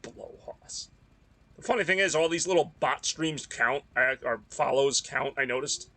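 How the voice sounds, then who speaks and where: Chatty young man, bright voice. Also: medium pitch, moderate pace. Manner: rambling, chatty, reads chat aloud. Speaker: game streamer. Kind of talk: casual rambling chat while gaming.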